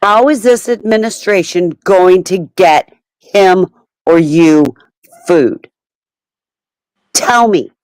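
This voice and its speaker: A woman's voice: on the low side, takes it slowly, pauses often, darkish tone, clean tone, no echo, poor audio. Emotional, insistent middle-aged woman. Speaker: panelist. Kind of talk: heated panel discussion.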